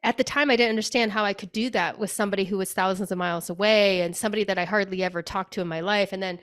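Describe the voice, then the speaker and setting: A woman's voice: medium pitch, steady tone, very fast, fairly bright tone. A woman being interviewed on a podcast as a spirit medium, telling a personal story in a chatty way, often saying "like" and acting out her own past words.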